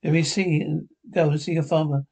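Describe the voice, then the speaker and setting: A man's voice: a little high, fairly even intonation, moderate pace, mellow. A man reading out a TV episode script, voicing all the parts himself, often stumbling and restarting words.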